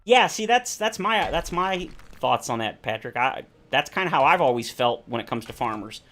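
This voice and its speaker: A man's voice: mid-range voice, expressive, normal speed, sharp tone. A man streaming a survival game, chatting casually in rambling, self-correcting tangents. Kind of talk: casual chat while playing a survival game.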